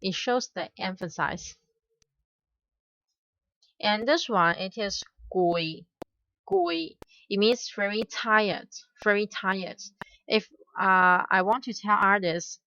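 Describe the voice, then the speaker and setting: Slow, careful woman teaching with bright tone. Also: medium pitch, no room sound, dull audio. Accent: Hong Kong Cantonese. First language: Cantonese. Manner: repeats each word twice, careful and patient. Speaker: language teacher. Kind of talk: slow spoken language lesson.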